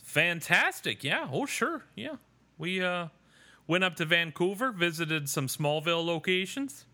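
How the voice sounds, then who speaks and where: A man putting on a Canadian accent to voice a folksy, cheerful Canadian man who drawls in a high, sing-song way. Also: very animated, measured pace, sharp tone, exaggerated voice. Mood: chipper. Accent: put-on Canadian.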